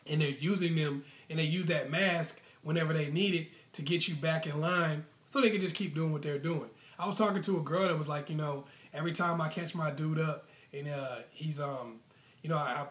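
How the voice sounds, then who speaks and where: A man's voice: on the high side, steady tone, a little fast, fairly bright tone, roomy sound. A man hosting a relationship advice video, talking casually and retelling clients' stories with lots of fillers.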